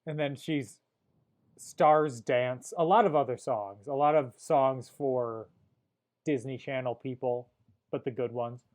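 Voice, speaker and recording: A young man co-hosting a podcast, recapping a movie plot in casual chat with dry, deadpan jokes. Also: medium pitch, takes it slowly. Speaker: podcast co-host.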